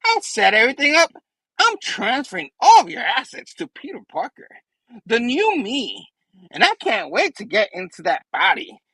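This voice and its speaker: A man's voice: extremely high pitch, wildly swooping pitch, normal speed, bright, forceful tone, no echo, pitched above the performer's own voice, exaggerated voice, low-quality recording. A man voicing a gloating male goblin villain who has taken over a hero's body, with a taunting, triumphant manner, while retelling a comic book. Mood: scheming.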